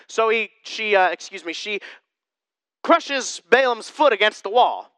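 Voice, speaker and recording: A man's voice: high-pitched, expressive, a little slow, fairly bright tone, clear, resonant tone, dry recording. A man preaching a humorous, conversational sermon, retelling a Bible story with jokes. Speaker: pastor.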